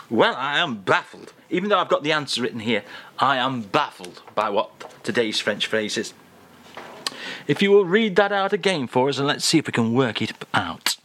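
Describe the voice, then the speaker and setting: A man's voice: medium pitch, sing-song, normal speed, fairly bright tone. A man hosting a comic radio chat in a jokey, mock-formal manner. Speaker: radio host.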